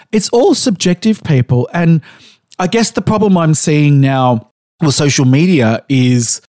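A man's voice: fairly high pitch, a little mellow, no room sound, clean studio sound. A man co-hosting a podcast, chatting casually and making emphatic points, swearing freely. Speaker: podcast co-host. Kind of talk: casual chat.

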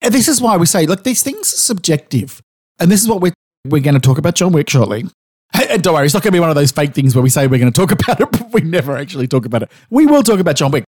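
A man's voice: on the high side, big pitch swings, racing, a little mellow, husky, no echo, clean studio sound. A man co-hosting a podcast, chatting casually and making emphatic points, swearing freely. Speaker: podcast co-host. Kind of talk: casual chat.

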